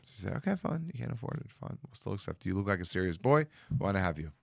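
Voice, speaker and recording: A man's voice: deep voice, sing-song, racing, vocal fry, no room sound, studio quality. A man, a rabbi telling a story and acting out the voices of the people in it. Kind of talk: storytelling talk. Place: studio.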